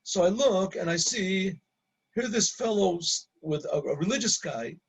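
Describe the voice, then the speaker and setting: A middle-aged man, a rabbi, casually telling an anecdote, halting and repeating words and laughing at his own story. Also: high voice, animated, breathy edge, low-quality recording.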